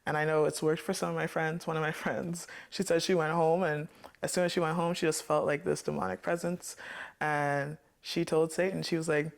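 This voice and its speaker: Gravelly, lively woman telling stories. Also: deep voice, brisk. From Caribbean. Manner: animated, laughs often, playfully fierce. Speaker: guest. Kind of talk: casual storytelling interview.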